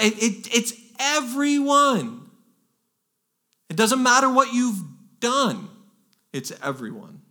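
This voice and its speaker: A man's voice: sits high, bright, forceful tone. A pastor preaching a sermon, earnest and emphatic, often repeating words and pushing his voice up to stress key phrases.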